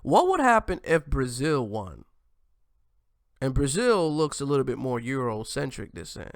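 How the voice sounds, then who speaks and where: A man's voice: mid-range voice, moderate pace, gravelly, no echo. A man hosting his own online show, talking off the cuff in a mid-range voice. He keeps tacking "man" onto his lines and often stops to restart a thought. The recording is close and dry, with no room sound. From United States. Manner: animated, repeats "man" at ends of lines, frequent restarts. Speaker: host. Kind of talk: casual commentary monologue.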